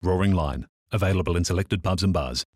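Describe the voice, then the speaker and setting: An actor playing a fast-talking ad disclaimer announcer who rattles off his lines in a radio commercial. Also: low-pitched, dry recording, studio quality. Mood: eager. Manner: rapid-fire patter in an announcer's style. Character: man who voices fast ad disclaimers, hyped up. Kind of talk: radio ad acting.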